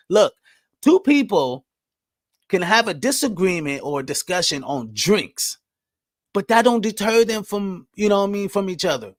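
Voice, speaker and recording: A man in his thirties hosting a podcast alone, answering live chat in blunt, profane talk that jumps loud and high when he gets riled. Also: very animated, moderate pace, no room sound. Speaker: podcast host. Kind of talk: casual solo commentary reading live chat.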